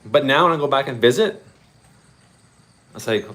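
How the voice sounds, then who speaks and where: A man hosting a model railway livestream, chatty and excitable, greeting viewers by name and laughing often. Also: mid-range voice, moderate pace, long pauses. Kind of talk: casual live-stream chat with viewers.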